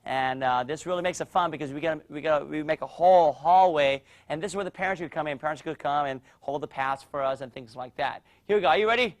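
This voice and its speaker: High-voiced energetic martial arts instructor man. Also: fast, hardly any pauses. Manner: energetic, coaching and cheering children on. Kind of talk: instructional demo with kids.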